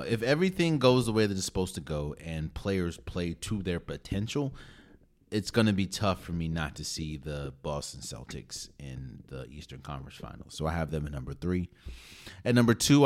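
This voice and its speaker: A man hosting a podcast, talking through his sports opinions casually and emphatically, with frequent restarts. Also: deep voice. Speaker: podcast host.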